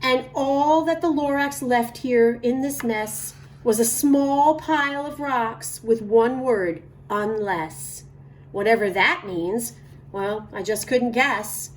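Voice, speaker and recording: A woman reading a rhyming picture book aloud to children in an expressive, sing-song way. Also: fairly high pitch, slow. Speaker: children's story reader.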